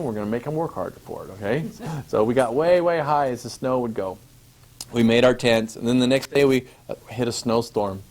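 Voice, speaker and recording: A man tells a personal travel story in a lively, animated way. He acts out the scenes as he goes and laughs at his own misadventures. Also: on the low side.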